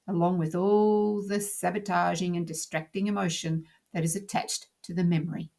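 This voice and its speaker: A woman teacher calmly narrating a scripted lesson in a measured, explanatory way. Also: on the low side, vocal fry.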